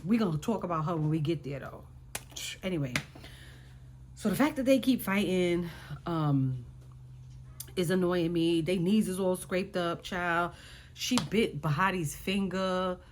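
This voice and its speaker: A woman's voice: lowish voice, measured pace, long pauses, a little hiss or hum. A woman recapping a reality show in casual chat, sassy and exasperated as she talks to her viewers.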